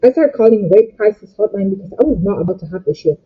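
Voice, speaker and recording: A young woman telling an emotional storytime vlog, agitated and swinging between loud outbursts and quieter asides. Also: mid-range voice, expressive, fast, husky, narrow, tinny audio. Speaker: storytime vlogger.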